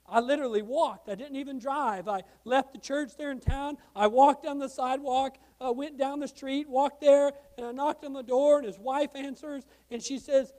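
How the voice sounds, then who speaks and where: A pastor preaches with real passion, his fairly high voice dropping to a hush for the tender moments. Then it rises into loud, urgent appeals. He is a man telling a story from the pulpit. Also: lively intonation, normal speed. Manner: impassioned preaching, swings from hushed to loud. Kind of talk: sermon.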